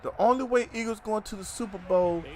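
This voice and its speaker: Middle-aged male streamer, high voice, loose and jokey, talks to chat while he plays. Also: a little fast. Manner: loose, joking, chatty with viewers. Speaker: gaming streamer. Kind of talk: casual live-stream chat while playing.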